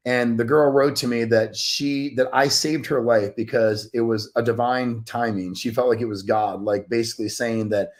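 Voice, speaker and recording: A man's voice: medium pitch, fairly even intonation, fairly quick, hardly any pauses. A man speaking as a podcast guest, telling an earnest story in an emphatic, motivational way. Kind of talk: animated storytelling.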